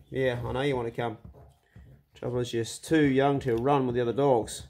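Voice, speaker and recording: A man's voice: medium pitch, little pitch movement, moderate pace, a little mellow, faint music behind. A middle-aged man chatting casually into his phone camera outdoors on a rural property, easygoing and blunt with mild swearing, often talking to his dogs in a raised, coaxing voice. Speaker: hunter and vlogger. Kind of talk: casual vlog chat.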